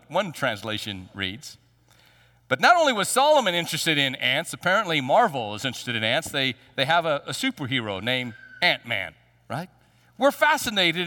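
A pastor preaching to his congregation in a bright, forceful voice that swoops up and down with emphatic pauses. His voice is fairly high for a man and rings with a long reverb through a large church sanctuary. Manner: emphatic, with dramatic pauses and sweeping pitch. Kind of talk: sermon.

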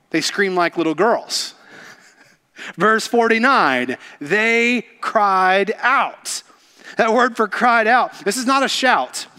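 A man preaching a sermon, swinging from loud exclamations to hushed whispers with slow, deliberate emphasis. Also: sits high. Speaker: pastor.

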